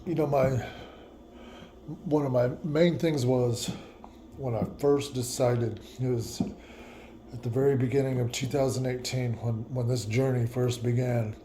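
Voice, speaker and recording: A man's voice: mid-range voice, fairly even intonation, measured pace, mellow, slight background noise. A man vlogging a reflective personal monologue, musing and repeating himself, with laughs at his own words.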